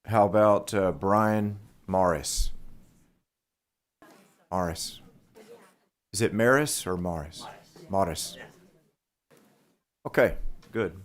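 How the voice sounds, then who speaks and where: Male committee chair, very low voice, easygoing procedural talk. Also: a little slow. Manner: relaxed, informal procedural talk. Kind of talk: chairing a hearing. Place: legislative hearing room.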